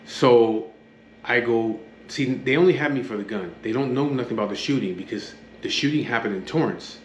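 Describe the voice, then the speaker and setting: A man from the Los Angeles area, speaking at medium pitch and a normal pace, casually tells his own story in a blunt, profane, matter-of-fact way. He acts out what other people said, using his own voice. The recording has an echoey room with a faint hum in the background.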